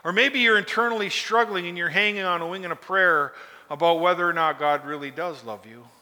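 Folksy pastor with a bright voice. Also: male voice, sits high, a little fast, long reverb tail. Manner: conversational, folksy, asks the listeners questions. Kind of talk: sermon.

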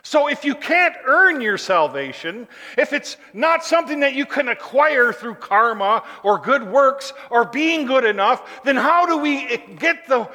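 A man preaching a sermon, emphatic, building to shouted lists and then dropping low again. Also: expressive, measured pace, hardly any pauses. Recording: long hall reverb.

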